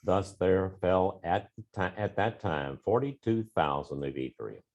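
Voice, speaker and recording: A man in a Bible class reading scripture aloud in a steady, measured way. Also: low-pitched. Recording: dull, muffled room recording.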